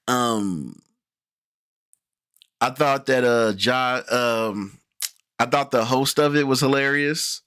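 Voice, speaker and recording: Rambling man chatting about a movie. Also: mid-range voice. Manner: rambling, frequent restarts and fillers, animated when excited. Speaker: podcast host reviewing a movie. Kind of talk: casual movie review chat.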